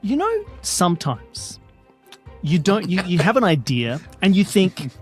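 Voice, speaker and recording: A man's voice: sits high, big pitch swings, a little slow, slightly rough, soft background music. A man playing along as a panelist on a comedy podcast, joking and acting out bits. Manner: playful, jokey, acts out voices.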